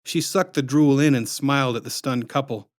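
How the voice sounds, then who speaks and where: A man's voice: mid-range voice, steady tone, normal speed, dry recording. Man narrating a storybook, dry and close. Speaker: author reading his own book.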